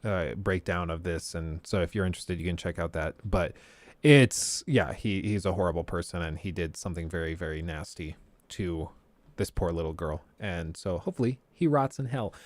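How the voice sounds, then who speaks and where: A man's voice: low voice, normal speed, no room sound. An American man hosts a casual livestream, talking things through conversationally. He often restarts his sentences and fills the gaps with "um." His voice is close and dry, with no room sound. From United States. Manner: conversational, frequent fillers and restarts. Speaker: streamer host.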